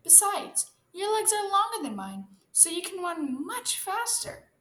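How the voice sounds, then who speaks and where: A woman voicing a gentle, patient female turtle who speaks mildly and pleads with others in a storybook reading. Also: very high-pitched, big pitch swings, unhurried, reverberant, slight background noise, pitched above the performer's own voice, exaggerated voice. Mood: pleading.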